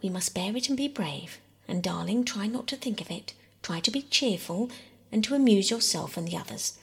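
A woman softly voicing a weary, tender mother in a whispered role-play reading. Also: medium pitch, expressive, normal speed, gravelly, husky, heavily acted. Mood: gentle. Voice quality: soft whisper. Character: weary, tender mother, grieving but firm.

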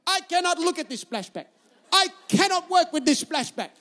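A man's voice: extremely high pitch, animated, moderate pace, sharp tone, voice pushed up, full character voice. Man putting on a fussy Bulgarian-accented wife. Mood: exasperated. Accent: Bulgarian, put on. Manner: dramatic, insistent complaining.

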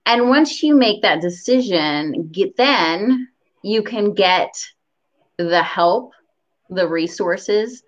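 A woman's voice: medium pitch, expressive, takes it slowly. A woman speaking earnestly in casual conversation, repeating key phrases for emphasis. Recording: dull lo-fi audio.

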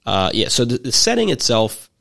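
A man's voice: mid-range voice, sing-song, moderate pace, creaky, sharp tone. A man in his twenties telling a story in casual chat, rambling with many fillers and restarts, and wry and jokey in his delivery. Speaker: podcast storyteller.

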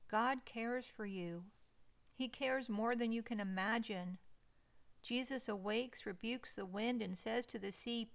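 A woman delivering a slow, soothing, scripted devotional message. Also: on the high side, steady tone. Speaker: devotional speaker.

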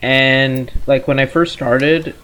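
A man's voice: mid-range voice, slow pace. A man as a podcast guest, rambling and hedging as he talks about a past job. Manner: relaxed, rambling, hedging with fillers. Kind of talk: casual chat.

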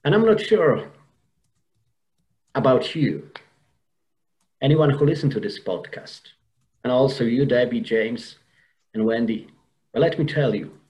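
Speaking as a podcast guest, a man shares an emotional personal story during an interview, earnest and full of restarts and repeated words. His mid-range voice has a darkish tone, captured on a low-quality recording.

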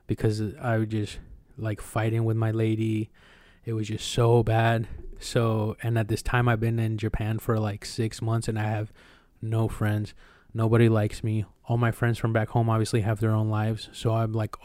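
Flat-voiced smooth young man telling stories. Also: on the low side, dry recording, clean studio sound. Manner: profane, animated storyteller. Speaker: podcast co-host. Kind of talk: casual storytelling chat.

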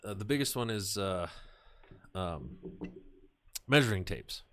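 A man with a lowish voice spins a loose, profane anecdote on a podcast. He drops into quick impressions of the people he describes and swears freely. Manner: profane, animated storyteller who acts out voices. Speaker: podcast talker. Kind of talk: casual podcast chat.

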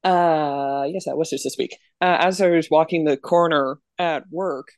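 A woman's voice: sits low, steady tone, normal speed, over a noisy crowd. A woman co-hosting a podcast in casual chat, joking about herself and laughing often. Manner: jokey, laughs often, self-deprecating. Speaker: podcast co-host.

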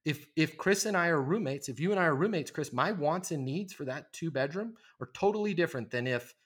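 His voice leans high, expressive and brisk, a bit bright and breathy, as this forties-aged sales trainer talks on a conversational podcast. He pushes his points emphatically and persuasively, frequently ending them with "right?"

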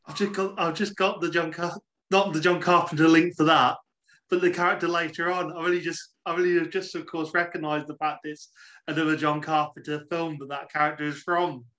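A man makes dry, wry remarks in a casual podcast film review. His voice is high for a man. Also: little pitch movement, brisk, a bit bright. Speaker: podcast co-host.

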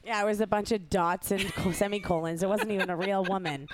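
A woman's voice: mid-range voice, fairly even intonation, fast, a crowd in the background. A young adult woman co-hosting a podcast, telling rambling stories with frequent giggles in casual chat. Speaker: podcast co-host.

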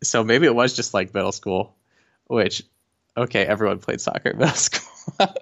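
A young man co-hosting a casual chat, talking haltingly with many fillers and restarts. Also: on the low side, gravelly, a bit bright. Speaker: co-host. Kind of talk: casual chat about reality TV. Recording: dull lo-fi home recording.

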